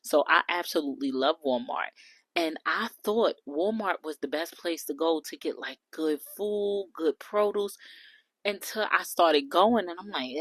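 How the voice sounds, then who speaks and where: A woman's voice: fairly low pitch, expressive, normal speed, dry recording. A woman, chatting through a cooking vlog, blunt and talking straight to viewers. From New York City. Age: 30s. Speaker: food vlogger. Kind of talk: casual cooking vlog voice-over.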